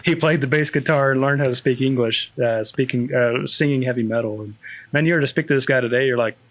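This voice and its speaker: A man's voice: mid-range voice, fast. A man, a school district network specialist, chatting casually with many restarts and fillers. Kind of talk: casual chat.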